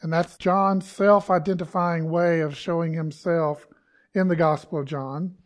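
A man's voice: on the high side, fairly even intonation, a little slow. A man preaching a conversational sermon to his congregation, acting out quoted lines with emphasis. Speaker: pastor.

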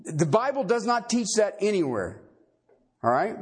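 A pastor with a high, husky, sing-song voice preaches a sermon at a moderate pace. He's emphatic, quizzing listeners with rhetorical questions and tagging his points with "okay" and "all right."

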